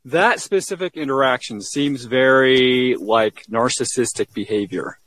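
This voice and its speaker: A man's voice: medium pitch, a little slow, a bit bright. A man hosting an interview, asking direct follow-up questions in a casual, conversational way. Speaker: host.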